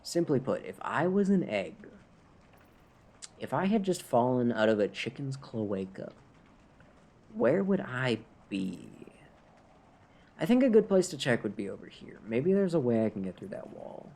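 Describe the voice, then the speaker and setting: Tipsy Canadian man rambling, lively pitch. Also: measured pace, gravelly, long pauses. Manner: rambling self-talk, chuckling at own jokes. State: tipsy from drinking. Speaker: streamer. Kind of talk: casual gameplay livestream chatter.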